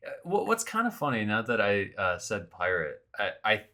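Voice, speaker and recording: A man co-hosting a podcast, recapping a video game in animated, sarcastic casual chat. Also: on the low side, moderate pace. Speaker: podcast co-host.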